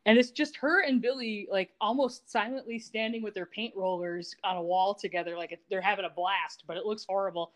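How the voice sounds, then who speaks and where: A woman co-hosting a podcast, chatting casually and telling stories in an animated, teasing way. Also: medium pitch, fairly quick, hardly any pauses. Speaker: podcast co-host. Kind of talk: casual chat recapping a TV episode.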